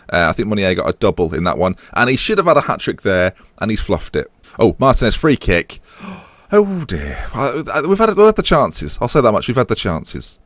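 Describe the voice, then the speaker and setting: A man's voice: on the low side, dry recording. A man commentating on his own football management game, mixing match calls with rambling jokes and asides. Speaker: gaming channel host.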